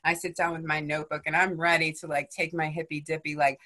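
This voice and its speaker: A woman, a podcast guest, telling a story in casual chat, animated and blunt, swearing freely and tagging lines with "right?" and "you know?". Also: deep voice, fast talker.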